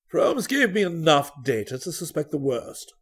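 A man reading aloud, voicing a worried older male spy chief with crisp, formal replies. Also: fairly high pitch, big pitch swings, moderate pace, fairly bright tone, voice pushed up, full character voice. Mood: grave.

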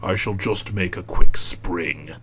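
A reader voicing an earnest, slow-witted male police constable who speaks in a heavy, dogged way. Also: low-pitched, gravelly, fairly bright tone, slightly rough, voice pushed down, exaggerated voice. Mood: stolid, earnest.

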